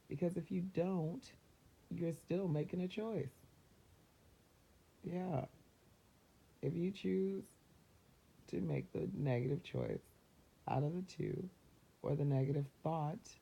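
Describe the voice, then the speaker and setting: A woman talking casually and upbeat about mindfulness and positive thinking, chatty, laughing often and slipping into quick acted-out voices. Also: deep voice, creaky, mellow, breathy edge. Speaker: self-help vlogger. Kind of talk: casual motivational talk. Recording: dull lo-fi recording.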